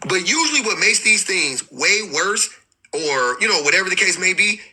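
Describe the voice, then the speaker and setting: A man talks loosely and with exasperation on his own livestream, and his sentences keep stalling and starting over. His voice sits high with a sharp brightness and a husky edge. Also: very animated, moderate pace, rough recording. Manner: rambling, profane, exasperated, many restarts. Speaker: livestream host. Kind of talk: casual livestream commentary.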